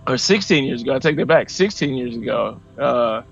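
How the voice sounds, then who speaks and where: A man in his forties from Missouri tells his own story as a podcast guest. He is animated and slips into the voices of people he quotes. The audio is dull and lo-fi, with soft music playing underneath. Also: mid-range voice, fairly quick, gravelly, breathy edge. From Missouri, USA. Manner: animated, acts out quoted dialogue. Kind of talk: personal storytelling.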